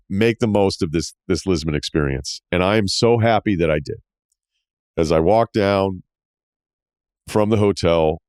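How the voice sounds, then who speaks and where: Podcast host, very deep voice, loose and profane storyteller who acts out dialogue, recorded dry. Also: male voice, darkish tone, clean tone, no room sound. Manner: profane, self-mocking, acts out quoted dialogue. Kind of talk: casual travel storytelling monologue.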